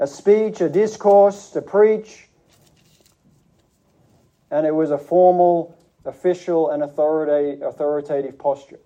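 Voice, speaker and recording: Man preacher, high mellow voice, earnest measured sermon delivery with restarts, slightly muffled recording.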